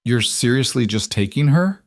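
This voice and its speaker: A man's voice: mid-range voice, lively intonation, moderate pace, no room sound, studio quality, voice pushed up. A man voicing a bitter, dismissive divorced mother who snaps her lines curtly. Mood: sharp dismissive. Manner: snappish, curt.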